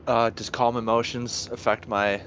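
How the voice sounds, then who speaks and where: A man's voice: mid-range voice, little pitch movement, normal speed, a bit bright, a little hiss or hum. A man playing a tabletop game, asking hesitant rules questions. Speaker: player. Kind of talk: casual game chat.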